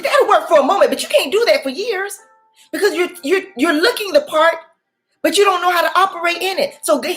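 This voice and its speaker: A woman in her forties or older talks as a life coach in a preacherly way, repeating her key words for emphasis. Her voice sits a little high. Soft music plays faintly behind her. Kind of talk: motivational faith talk.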